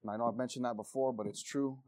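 A man preaching a sermon with passion, swinging from loud exhortation to low intensity and repeating phrases for emphasis. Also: fairly even intonation, fast talker, dry recording.

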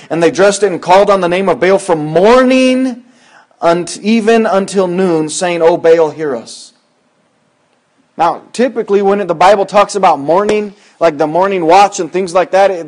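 Pastor delivering a fiery sermon, man with a fairly high voice, jumps from booming to hushed. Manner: swings between loud preaching and low, quiet asides.

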